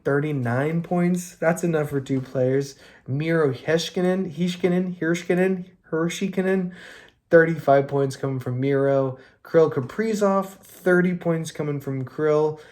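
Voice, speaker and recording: A man's voice: mid-range voice, a little mellow. A young man hosting a casual fantasy hockey recap podcast, loose and profane, rambling through scores and breaking into mock rants.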